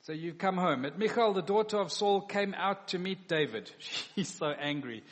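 A man's voice: high voice, moderate pace. A man preaching a sermon, animatedly acting out the quoted words of the figures in his story. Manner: animated, acts out biblical dialogue. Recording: long hall reverb.

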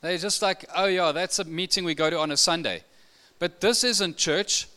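Male preacher giving a sermon, bright ringing voice, gets emphatic on scripture. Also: high voice, moderate pace. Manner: expressive, rising to emphatic when quoting scripture.

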